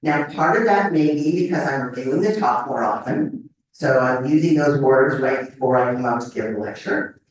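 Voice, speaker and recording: A woman's voice: rumbling low, moderate pace, slight background noise. An older woman giving a live lecture to an audience, talking conversationally and often checking in with "okay?". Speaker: memory lecturer. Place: lecture room. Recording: echoey hall mic from a distance.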